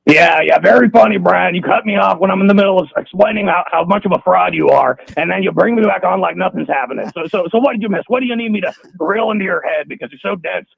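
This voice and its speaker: An actor playing a paranoid, combative male conspiracy radio host in a comedy phone-call sketch, ranting in raspy, insulting tirades over a tinny phone line. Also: high-pitched, no echo, exaggerated voice. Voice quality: gravelly, raspy. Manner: shouty tirades, insulting, rapid-fire.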